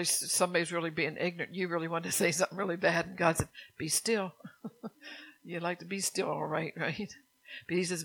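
A woman's voice: mid-range voice, a bit bright, low-quality recording. A middle-aged woman preaching a sermon in church, chatty, asking the congregation questions and laughing often.

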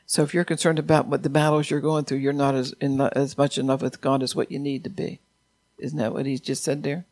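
A man preaching a sermon in a church, reading scripture and prophetic words with earnest emphasis and growing louder when he quotes God. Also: on the high side, flat delivery, moderate pace, creaky, dry recording. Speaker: pastor.

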